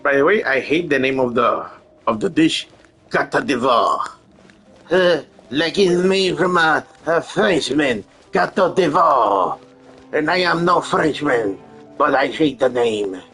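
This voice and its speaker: A man giving casual commentary while he plays a video game. He talks slowly, rambling and halting, and often restarts his sentences. Faint game music runs underneath. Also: a little high, animated, fairly bright tone, breathy edge. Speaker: gaming channel host.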